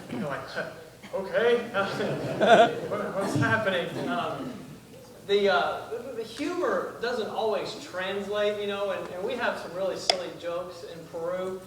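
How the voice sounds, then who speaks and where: Young guy preaching, lots of uhs and restarts, high voice, far from the mic in a big echoey room. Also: measured pace, crowd noise. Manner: folksy, self-deprecating, many fillers and restarts. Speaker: visiting preacher, missionary. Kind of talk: sermon with casual asides. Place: church sanctuary. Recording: echoey church from far off, noisy.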